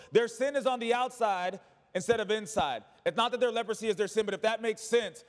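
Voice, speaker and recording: Male pastor, high voice, emphatic repetitive preaching with casual asides, long hall reverb. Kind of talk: sermon.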